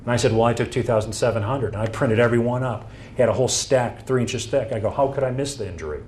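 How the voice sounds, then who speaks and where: Animated man giving a talk. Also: medium pitch, quick pace, slight background noise. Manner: animated storytelling, acting out quoted dialogue. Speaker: presenter. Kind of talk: presentation talk to an audience.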